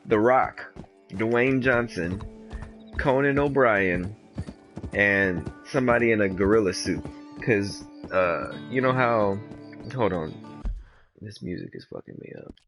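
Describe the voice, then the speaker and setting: Gravelly low-voiced man rambling over gameplay. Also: expressive, takes it slowly, a bit bright, faint music behind. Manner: rambling, laid-back, heavy swearing. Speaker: gamer. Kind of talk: casual gameplay commentary.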